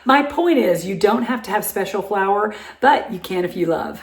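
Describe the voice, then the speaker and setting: A middle-aged woman with a warm Southern American accent talks her viewers through a family recipe in a cheerful, chatty, folksy way. Her voice sits in a medium register. The kitchen around her is roomy and echoey. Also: mid-range voice, animated, moderate pace. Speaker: cooking show host. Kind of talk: home cooking show. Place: home kitchen.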